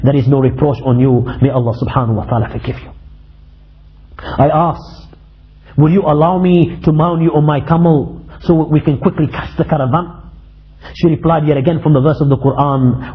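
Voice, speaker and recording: Male preacher, fairly high voice, races through recited verses, muffled lo-fi recording. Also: expressive. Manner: rapid Arabic recitation between English retellings. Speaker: Islamic lecturer. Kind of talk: lecture storytelling with Quran recitation. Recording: dull lo-fi lecture recording.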